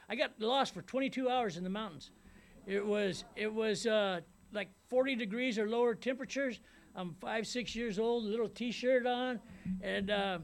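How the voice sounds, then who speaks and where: A middle-aged man from Ventura County, California, giving a personal testimony as a rambling storyteller who repeats himself and keeps saying "you know what I mean". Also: sits high. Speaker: speaker sharing his recovery story.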